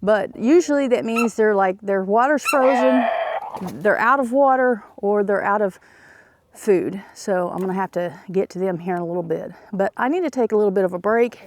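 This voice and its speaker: At a medium pitch and normal speed, a woman from Oklahoma who vlogs about homesteading talks casually during farm chores outdoors. She's a little out of breath and rambles with many filler words.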